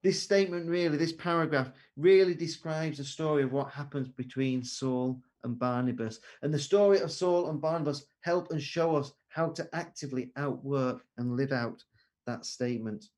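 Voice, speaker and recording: A man's voice: fairly high pitch, normal speed, a little mellow. Guy giving a sermon over a video call, earnest, lots of questions to the listeners. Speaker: preacher.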